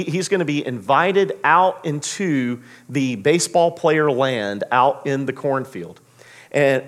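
A man in his thirties delivers a sermon, his voice a little higher than most men's. He tells stories with animation, swinging from soft, low asides to excited, acted-out lines. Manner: animated storyteller, acts out quotes with big pitch jumps. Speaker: pastor.

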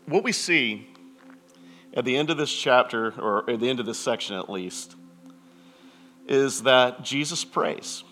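A man preaching a sermon in a relaxed, conversational storytelling way, with frequent restarts and asides. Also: mid-range voice, a little slow, pauses often, faint music behind. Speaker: pastor.

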